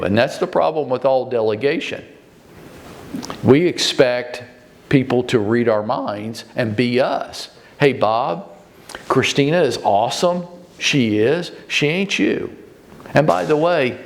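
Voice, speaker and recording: A blunt man in his fifties trains a room of agents in a mid-pitched voice. He talks straight to them in short, punchy sentences. He jumps sharply upward in pitch whenever he wants to drive a point home. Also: a little hiss or hum. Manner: blunt and emphatic, leaps up in pitch to stress points; speaks directly to the audience, often with short punchy sentences. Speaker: real estate broker training agents. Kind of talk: blunt motivational training talk.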